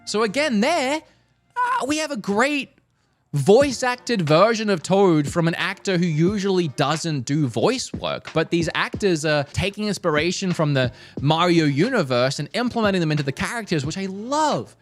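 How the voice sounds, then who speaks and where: A man's voice: high voice, normal speed. A young man talking casually and energetically, reviewing a movie trailer for his stream, with some restarts. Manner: lively, animated, frequent restarts. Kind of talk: casual commentary.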